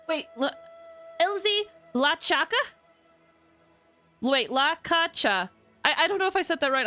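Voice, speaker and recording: A woman's voice: very high-pitched, sharp tone. Bubbly, giggly young woman streamer. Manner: bubbly and giggly, chatting with viewers. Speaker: game streamer. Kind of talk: casual live-stream chat.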